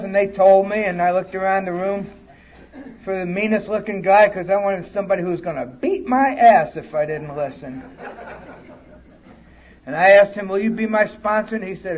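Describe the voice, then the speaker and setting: A man with a notably high voice tells his own story at a recovery conference, blunt and salty with his language. The recording sounds dull and lo-fi, like an old tape of a talk in a hall. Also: slight background noise. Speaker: conference speaker.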